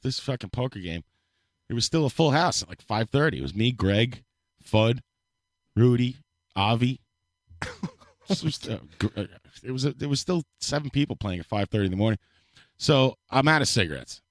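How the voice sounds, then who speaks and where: A man's voice: medium pitch, animated, normal speed, pauses often, dry recording. A man telling a long story in casual, profane chat on a podcast, speaking close to the mic. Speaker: podcast co-host.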